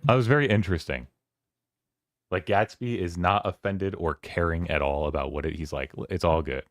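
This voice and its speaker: Deep-voiced man chatting about a book. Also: no room sound, clean studio sound. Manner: rambling, paraphrases scenes in quick bursts. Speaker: book club host. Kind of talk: casual book discussion on stream.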